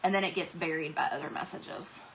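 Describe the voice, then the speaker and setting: Woman hosting a live craft stream, bright voice, rambling and chatty, faint noise behind. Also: low-pitched, a little fast, gravelly, poor audio. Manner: rambling, chatty, reads out viewer comments. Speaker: craft livestream host. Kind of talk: casual livestream chat while painting.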